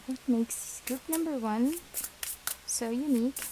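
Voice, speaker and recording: A woman giving a gentle, reassuring pick-a-card tarot reading, talking to her viewers with many fillers. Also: sits high, measured pace, noisy background. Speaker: tarot reader.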